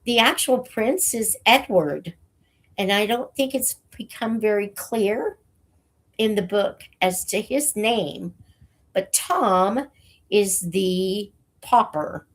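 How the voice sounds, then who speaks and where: A woman hosting her channel, chatting casually with viewers while she has a cold and is short of breath, speaking haltingly with many fillers. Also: medium pitch. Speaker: channel host reading books aloud for students.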